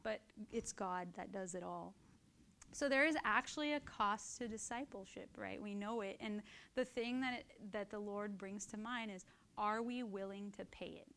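A woman teaching from the Bible in a conversational way, often checking in with "right?" and getting lively and laughing as she tells stories. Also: medium pitch, moderate pace. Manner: animated and laughing while telling stories.

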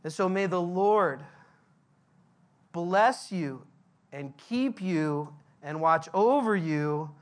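A man's voice: high-pitched, lively intonation, drawn-out words. A male pastor preaching a verse-by-verse sermon in a conversational, emphatic way, asking the congregation questions.

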